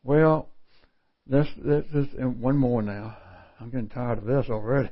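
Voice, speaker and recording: A man's voice: mid-range voice, slow, long pauses, lo-fi sound. A man preaching a sermon in a folksy, self-mocking way, laughing often as he works through a Bible passage.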